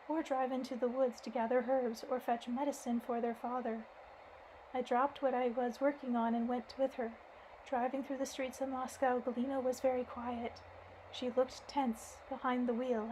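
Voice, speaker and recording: A woman's voice: fairly high pitch, a little mellow, slight background noise, poor audio. A woman reading a book aloud in an informal way, often stopping to correct herself. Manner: reads with frequent self-corrections. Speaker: audiobook reader. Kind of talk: informal audiobook narration.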